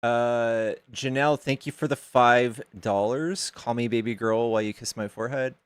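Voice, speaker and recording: A man's voice: medium pitch, fairly even intonation, moderate pace, clean tone, dry recording. A man hosting a live stream, loose and joking, swearing casually and reading donations aloud to his chat. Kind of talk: casual livestream chat and debate.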